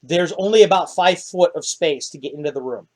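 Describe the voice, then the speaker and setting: High-voiced man running a tabletop game. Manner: vivid, animated narration with quick character voices. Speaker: dungeon master.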